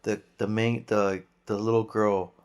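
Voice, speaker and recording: A man chatting casually on a podcast, talking excitedly with lots of restarts and slang. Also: lowish voice, measured pace, clear, resonant tone. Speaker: podcast panelist.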